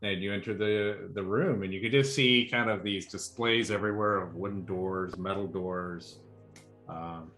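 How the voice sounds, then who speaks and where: A man's voice: deep voice, fairly even intonation, normal speed, fairly bright tone, soft background music. A man narrating a tabletop game as game master, describing scenes with frequent fillers.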